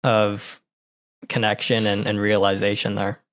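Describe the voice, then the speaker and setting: A man's voice: lowish voice, monotone, a little slow, fairly bright tone. Man earnestly recapping a film. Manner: earnest, retelling plot scenes at length. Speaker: podcast co-host. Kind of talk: casual movie review chat.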